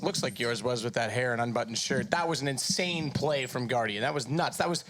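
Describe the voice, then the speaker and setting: A man hosts an esports analysis desk in a loose, rambling, self-deprecating way. Faint noise and clicks sit behind his mid-pitched voice. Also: a little fast, hardly any pauses, fairly bright tone.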